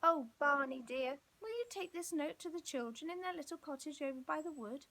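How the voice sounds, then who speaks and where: A woman voicing a sweet-voiced young fairy in a children's story, coaxing and gentle. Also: very high voice, lively intonation, moderate pace, pitched above the performer's own voice.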